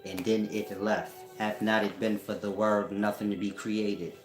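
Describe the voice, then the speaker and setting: Slow, low-voiced man teaching in an echoey room. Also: level tone, soft background music. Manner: slow, drawn-out, often checking in with listeners. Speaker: spiritual teacher. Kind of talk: casual esoteric teaching monologue.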